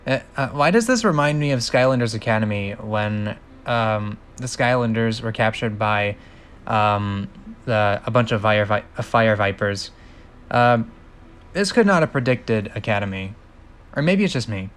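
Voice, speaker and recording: A man's voice: lowish voice, a little slow, fairly bright tone, clear, resonant tone. A man reading a film script aloud and breaking off for rambling, incredulous asides.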